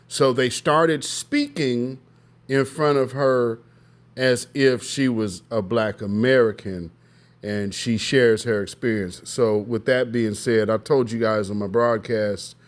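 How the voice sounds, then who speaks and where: A man hosting an online news commentary broadcast at a middle pitch. He speaks loosely, leaning on fillers and repeated stock phrases as he sets things up. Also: slow pace. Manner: relaxed, filler-heavy, repeats set phrases.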